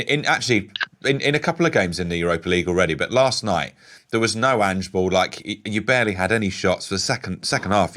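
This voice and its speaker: Deep-voiced male radio presenter. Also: a bit bright. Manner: chatty, laughs easily, restarts sentences. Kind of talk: live radio interview.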